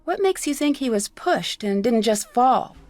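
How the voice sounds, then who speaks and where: An actress playing a curious young woman detective who asks question after question in an even, inquisitive way in a video game. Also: on the high side, unhurried, no room sound.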